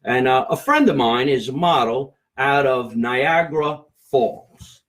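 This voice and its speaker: A man's voice: mid-range voice, animated, measured pace, fairly bright tone. A man hosting a casual comedy talk show, joking and plugging sponsors, recorded into a phone. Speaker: comedy podcast host.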